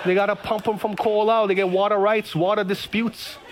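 A man's voice: high-pitched, little pitch movement, a little fast, background noise. A middle-aged man preaching a conversational radio sermon, telling stories with lots of repetition. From Hawaii. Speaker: pastor.

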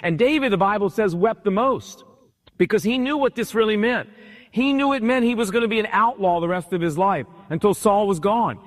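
A man pastor preaching a sermon, retelling a story with animated, emphatic repetition, in a church hall. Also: high voice. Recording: long hall reverb.

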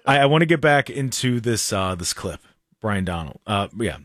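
A male radio host chats in a casual, halting way and often starts his sentences over. His pitch rises and falls in a lively way. The studio mic sounds close and dry. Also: no room sound. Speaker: radio talk show host. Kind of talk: casual talk show banter. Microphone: studio microphone.

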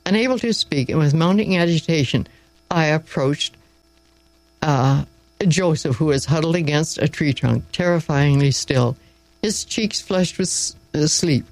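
A woman reading a story aloud in a measured, wry storytelling manner. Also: deep voice, a little mellow, no room sound, poor audio.

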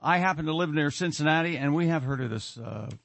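Quick and lively, with a slightly high, somewhat bright voice and some vocal fry, a man hosts a casual morning radio show with no echo. He trades jokes and teasing with his co-hosts and reads listener emails on air.

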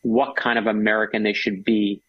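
A man's voice: on the low side, flat delivery, moderate pace, no room sound, dull audio. A man, an author guest, telling stories with enthusiasm in a casual conversation. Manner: enthusiastic, storytelling.

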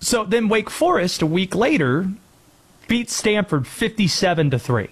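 A man's voice: high-pitched, very animated, unhurried, husky. A man hosting a sports talk show, arguing about college football with a sarcastic, mocking tone. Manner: sarcastic, mocking rival fans. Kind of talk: casual college football debate.

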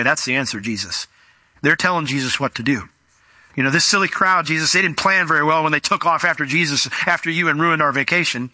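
Animated, bright-voiced male pastor. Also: on the high side, fairly quick, no room sound. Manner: animated, conversational, acts out quotes. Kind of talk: expository sermon.

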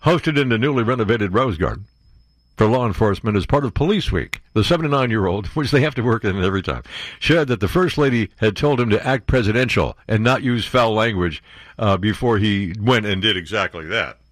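A man hosts a talk radio show, reading the news aloud and cutting in with mocking, sarcastic remarks. His pitch swings widely as he jabs at what he reads, and the sound is close and dry, with no room echo. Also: expressive, fairly quick. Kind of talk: opinionated talk radio commentary.

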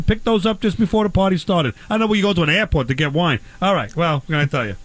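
A man's voice: high voice, fast talker, few pauses, dry recording. A man hosting a comedy sketch, brash and rambling, teasing his guest. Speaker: host.

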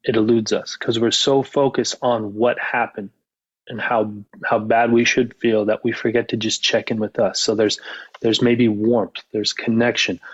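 A man who is a mental performance coach and author, talking calmly and reflectively in a casual podcast conversation. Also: mid-range voice, husky, lo-fi sound.

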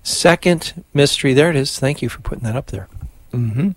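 A man's voice: medium pitch, moderate pace, dry recording. Man leading radio prayers, dry close sound. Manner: steady call-and-response prayer cadence. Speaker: radio host.

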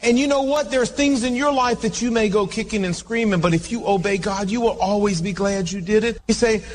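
Pastor with a high voice, preaching in a hall. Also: male voice, fairly quick. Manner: animated storytelling, acting out quoted voices. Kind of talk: sermon. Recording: reverberant hall, faint background noise.

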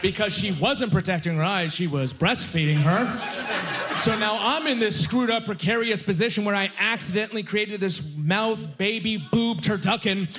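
Animated stand-up comedian, man. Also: high voice. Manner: animated storytelling, self-deprecating punchlines. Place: comedy venue with live audience.

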